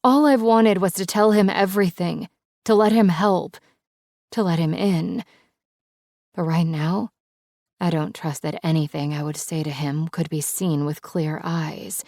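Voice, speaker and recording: A woman's voice: lowish voice, steady tone, a little slow, darkish tone, dry recording, studio quality. A woman narrating an audiobook in the first person, with a dramatic, emotional delivery.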